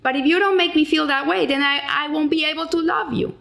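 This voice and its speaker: A woman's voice: high-pitched, fairly even intonation, fairly quick, gravelly, fairly bright tone. Earnest woman teaching a Torah lesson. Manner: earnest, with frequent restarts and Hebrew terms. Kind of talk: explaining a weekly Torah lesson.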